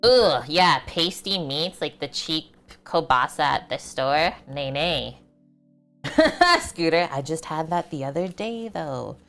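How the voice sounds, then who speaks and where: Lady cooking on stream, laughs a lot, answers chat, pitch bounces all over. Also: vocal fry, a bit bright. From Canada. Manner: chatty, laughs often, answers viewer chat. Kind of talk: casual livestream chat while cooking.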